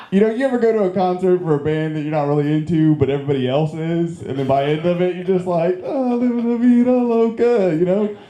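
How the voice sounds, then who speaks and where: A man performing a deadpan stand-up set and working the crowd on a handheld mic in a comedy club. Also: on the high side. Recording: roomy club with crowd laughter.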